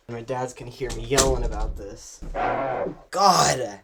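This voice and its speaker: An excitable fan vlogger talking from home, swearing freely and swinging between quick, mid-pitched analysis and loud, gleeful outbursts. The energy runs high and hard to contain throughout. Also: creaky, a little hiss or hum. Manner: passionate, swears often, bursts into loud excited rants.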